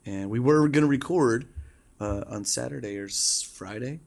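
A man's voice: mid-range voice, moderate pace, gravelly, a little hiss or hum. A man in his thirties co-hosting a podcast in casual chat, rambling and laughing often as he tells stories. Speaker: podcast co-host.

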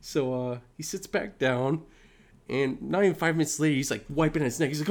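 A young man tells a story in relaxed conversation, often stopping to giggle. He repeats words as he thinks and keeps checking in with "right?". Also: a little high, a little fast. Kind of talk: casual storytelling chat.

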